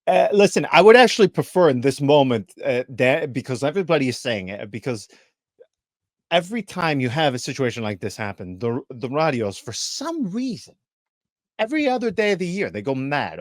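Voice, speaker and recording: A man's voice: mid-range voice, no room sound, studio quality. Exasperated man in his thirties, ranting. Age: 30s. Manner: exasperated, emphatic, repeats himself. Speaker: podcast co-host. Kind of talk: heated podcast rant.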